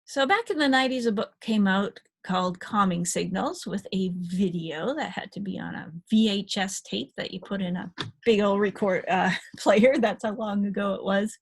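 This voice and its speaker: A woman's voice: medium pitch, normal speed, vocal fry, breathy edge. A woman dog-behavior trainer giving a chatty recorded lecture, talking through slide photos with small laughs.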